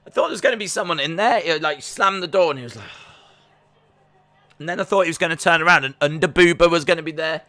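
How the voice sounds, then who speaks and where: Chatty man with a bright voice. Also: a little high, fairly quick. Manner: chatty, jokey, rambling. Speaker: streamer reacting to wrestling. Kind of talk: live watch-along commentary.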